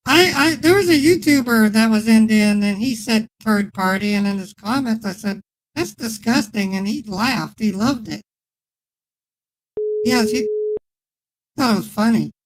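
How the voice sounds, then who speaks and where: A woman's voice: fairly high pitch, a little slow, pauses often, no echo, poor audio. A woman scam baiter chatting casually and teasingly on a live stream. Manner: playful, teasing.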